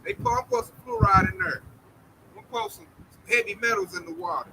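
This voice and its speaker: A man's voice: very high voice, wildly swooping pitch, brisk, creaky, noisy background. A man preaching an informal street-style sermon in a blunt, slangy, mocking way, often acting out other people's voices.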